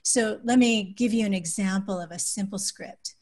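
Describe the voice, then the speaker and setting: A woman on a podcast calmly explains her parenting approach through practical examples. Her voice sits at a middle pitch, and she lowers it to a soft, gentle tone whenever she quotes phrases she uses with children. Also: normal speed. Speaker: guest, adoptive parent and author. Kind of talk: podcast interview conversation.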